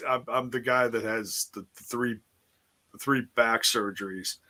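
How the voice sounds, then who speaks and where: A man co-hosting a casual chat, excitable and nerdy, often tripping over his words. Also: medium pitch, measured pace. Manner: excitable, self-described nerd, stumbles over words. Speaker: podcast co-host.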